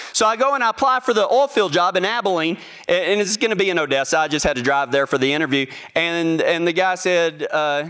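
A man's voice: fairly high pitch, fast talker, hardly any pauses, pushed and bright, clean tone. Folksy man spinning a yarn. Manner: folksy, self-amused, acts out the voices in his anecdote. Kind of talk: casual storytelling.

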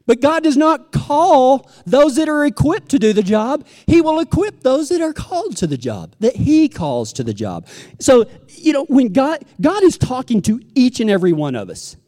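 A man's voice: extremely high pitch, huge pitch swings, normal speed, darkish tone. A Texan man preaching a sermon, folksy and full of stories, acting out what people say. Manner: folksy, storytelling, acts out quotes. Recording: long hall reverb.

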